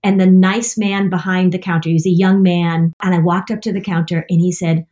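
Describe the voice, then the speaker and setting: A woman's voice: lowish voice, level tone, fairly quick, hardly any pauses, warm tone. Middle-aged woman co-host, self-deprecating storyteller, laughs easily. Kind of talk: casual chat, storytelling.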